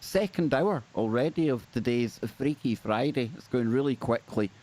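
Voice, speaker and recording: A man's voice: mid-range voice, animated, moderate pace, warm tone. A man with a Scottish accent hosting a live talk show, bantering in a jokey, self-deprecating way. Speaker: host. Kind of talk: casual live-show chat.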